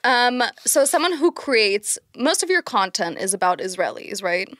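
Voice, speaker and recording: A woman hosting a podcast, asking questions with a teasing, lively manner. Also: medium pitch, moderate pace, dry recording, clean studio sound. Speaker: podcast host. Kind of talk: casual podcast interviewing.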